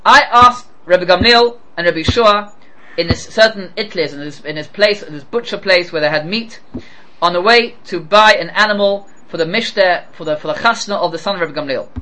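Animated man teaching a Talmud lesson. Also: fairly quick, slight background noise, poor audio. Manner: animated, rising pitch on questions and quotes. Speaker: Torah teacher.

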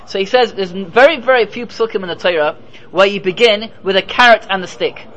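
A man's voice: high voice, brisk, fairly bright tone, soft background music, low-quality recording. A man teaching a Torah class as a rabbi, speaking emphatically, asking and answering his own rhetorical questions, and dropping in Hebrew and Yiddish terms.

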